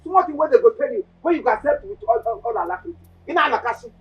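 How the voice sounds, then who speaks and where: A man with a Nigerian accent acting a blind father in a comedy skit, loud and scolding. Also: extremely high pitch, lively intonation, racing, muffled recording, a little hiss or hum.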